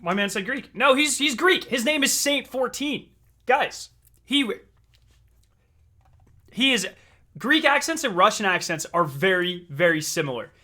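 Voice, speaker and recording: A young man streaming live, reacting in an excitable, profane way with frequent laughs. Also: high voice, measured pace, long pauses.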